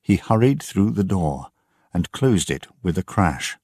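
A man narrating an audiobook for English learners, slow and clearly enunciated. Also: sits low, very animated, a little mellow, no room sound, studio quality.

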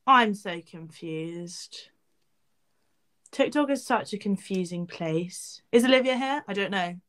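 A young woman from the UK chatting casually on a livestream, reading viewers' questions aloud and answering with loud exclamations now and then. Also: mid-range voice, lively intonation, slow. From United Kingdom. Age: teens. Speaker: livestream host.

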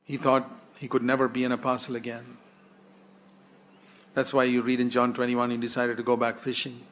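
A man's voice: mid-range voice, monotone, moderate pace, fairly bright tone. A man preaching a sermon in an earnest, pleading way, putting direct questions to his listeners.

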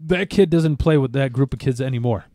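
Mellow-voiced man telling a story. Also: mid-range voice, fairly quick, no echo, clean studio sound. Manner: animated, acts out quotes, swears a lot, restarts. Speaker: podcast co-host telling a story. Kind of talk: casual storytelling.

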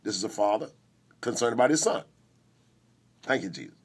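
A man's voice: fairly low pitch, animated, fairly quick, slightly rough. A middle-aged man preaching a sermon on a recovery radio show, emphatic and repetitive with call-and-response.

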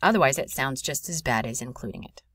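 A woman teaching a French grammar lesson in a clear, explanatory voice. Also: extremely low pitch, lively intonation, fast, a bit bright, no room sound. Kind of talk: recorded classroom lesson.

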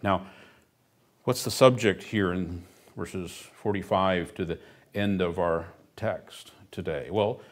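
A middle-aged man preaching a sermon as pastor, emphatic and earnest, with dry humorous asides. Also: low voice.

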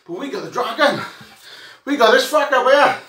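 A man's voice: very high-pitched, expressive, fairly quick, sharp tone. A man doing a rowdy, sweary, joking monologue to camera as a rugby fan, out of breath. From Wales. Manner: boisterous, sweary, jokey banter. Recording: echoey room, mic at a distance.

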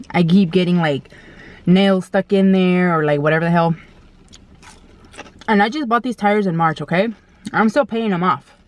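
A woman vlogger eats while telling a story in a casual, blunt way, using slang and mild swearing. When she acts out quoted lines, her voice rises into an exclaiming tone. Her voice is lowish.

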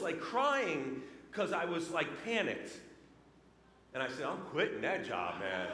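A man preaching a sermon, telling a personal story with lively swings between loud and hushed delivery. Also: high-pitched, a little hiss or hum. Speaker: pastor. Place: church sanctuary. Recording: echoey church hall with long reverb.

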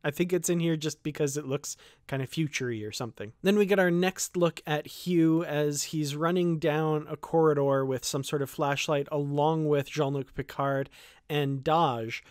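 Chatty man, fairly high voice. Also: moderate pace, a little mellow, clear, resonant tone, dry recording, studio quality. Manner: conversational, thinking aloud with frequent fillers and restarts. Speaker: fan channel host. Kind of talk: casual shot-by-shot trailer commentary.

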